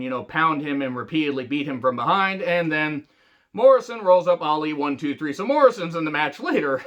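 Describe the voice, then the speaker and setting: Sarcastic male reviewer, lively high-ish delivery, profane rant, muffled lo-fi mic. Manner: angry, sarcastic, heavy swearing. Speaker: wrestling reviewer.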